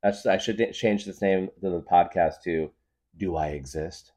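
A man's voice: low-pitched, a little slow, a little mellow. A young man hosting a podcast, rambling through a loose, jokey comedic monologue and laughing often. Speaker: podcast host.

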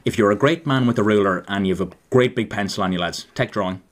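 A man's voice: fairly low pitch, fast talker. A young Irish man in his twenties co-hosting a podcast, chatting casually and joking, calling his listeners "lads". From Ireland. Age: 20s. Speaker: podcast co-host. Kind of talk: casual chat.

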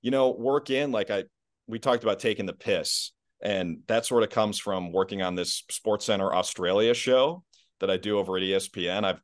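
A man's voice: lowish voice, normal speed, no room sound, studio quality. A man talking casually as a guest on a sports podcast, easygoing and self-deprecating, laughing often. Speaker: podcast guest, basketball play-by-play announcer.

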